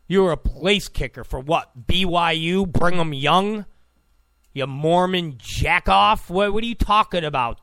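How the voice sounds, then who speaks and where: A man's voice: fairly high pitch, a little slow, bright, forceful tone, no echo. A man delivering a ranting political commentary, exasperated and mocking, repeatedly scoffing "come on.".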